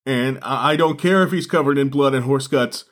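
A man playing a tabletop game who describes his character's actions in an animated, playful way. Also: mid-range voice, fairly quick. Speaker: player.

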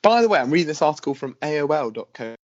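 A man co-hosting a casual podcast, chatty and quick to laugh, often restarting his sentences. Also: on the high side, sing-song, lo-fi sound. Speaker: podcast co-host.

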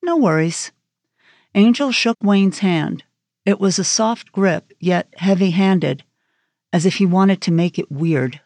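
A woman narrating a crime thriller audiobook in a steady, even storytelling manner. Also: on the low side, measured pace, no echo. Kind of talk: scripted narration.

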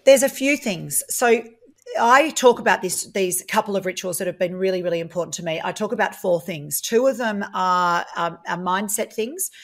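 A woman, a guest in a casual interview, telling stories in a chatty, animated way and acting out the dialogue she quotes. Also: mid-range voice, moderate pace. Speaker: guest, property business founder.

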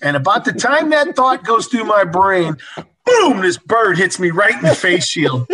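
An older man telling a casual anecdote in an animated, folksy way, chuckling as he goes. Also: sits high, measured pace, crowd noise, rough recording. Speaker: storyteller.

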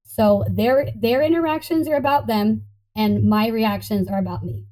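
Woman guest, higher voice, mellow tone, chatty and laughing, playful asides. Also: normal speed, rough recording. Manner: warm, animated, laughs often, playful self-talk voices. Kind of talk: casual conversational talk.

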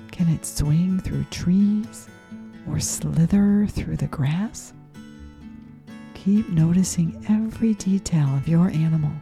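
A woman gently leading children through a breathing and mindfulness meditation, asking soft questions. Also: on the low side, gravelly. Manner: slow, soothing, gently questioning. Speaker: mindfulness teacher for kids.

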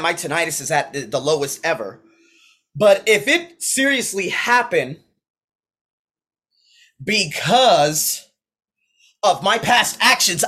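A man hosting his coaching podcast in a motivational preaching mode, swinging between loud declarations and low asides, recorded on a laptop at home while he paces. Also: slightly rough. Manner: swearing, talking to himself by name. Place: indoors at home, pacing with a laptop. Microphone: laptop mic.

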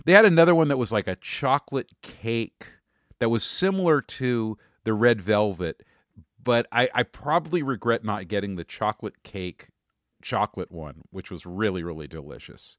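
A playful man hosting a casual podcast, teasing his co-host and drawing out words for effect. His pitch jumps around animatedly. The mic sound is close and dry. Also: dry recording. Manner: lively, jokey, drawn-out emphasis. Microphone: studio microphone.

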